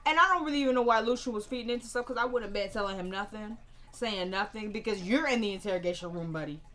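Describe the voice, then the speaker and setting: A woman recapping a TV episode in a loose, conversational way, with slangy asides and strong opinions about the characters. Her voice sits at an ordinary middle pitch, and she tells the story with animated energy. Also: fast talker.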